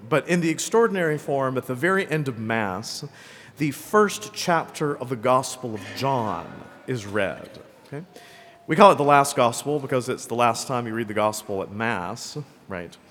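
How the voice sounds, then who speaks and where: A priest from Greenville, South Carolina, preaches a conversational sermon in church, often checking in with "right?" and "okay?" His voice is mid-range, with slight background noise and long church reverb.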